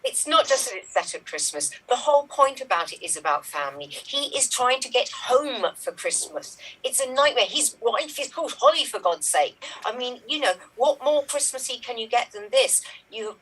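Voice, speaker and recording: A woman's voice: on the high side, expressive, moderate pace, hardly any pauses, a bit bright, a little hiss or hum, poor audio. A woman panelist making a mock-passionate, theatrical case in an improv debate.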